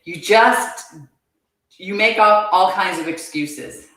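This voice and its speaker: A woman guest on a podcast, telling her personal story in an earnest, halting way and repeating words as she goes. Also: medium pitch, fairly bright tone. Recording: very echoey room.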